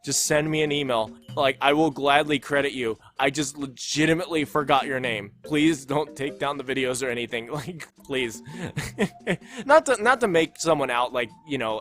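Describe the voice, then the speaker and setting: A young man hosting a gaming channel, talking casually over gameplay in a rambling, excitable, self-conscious way. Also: medium pitch, moderate pace. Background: faint game music.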